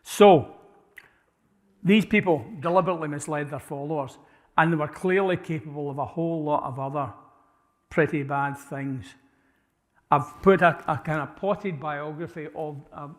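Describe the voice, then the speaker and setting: Man, church talk, fairly high voice, conversational with restarts, long hall reverb. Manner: conversational, asks the audience questions, frequent restarts. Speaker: church speaker. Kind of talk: apologetics talk to a church audience.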